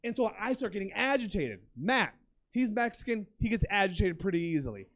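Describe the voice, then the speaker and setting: High-voiced young male stand-up comic. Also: a little fast. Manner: animated, profane storytelling, bursts into shouted impressions. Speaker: stand-up comedian. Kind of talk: stand-up comedy set. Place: comedy club stage.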